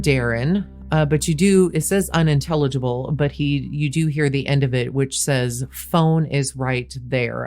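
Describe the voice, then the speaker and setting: Low-voiced woman narrating a true crime case. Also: darkish tone. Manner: methodical, reads quoted lines slowly. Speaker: true crime podcast host.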